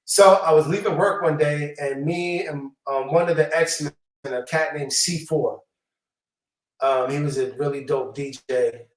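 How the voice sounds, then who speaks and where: A man's voice: on the high side, measured pace, far from the mic. A middle-aged man, telling stories casually in slangy talk and acting out the quotes. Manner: slangy, animated, acts out quotes. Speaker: hip-hop producer guest. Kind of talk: casual storytelling interview. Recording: roomy, off-mic echo.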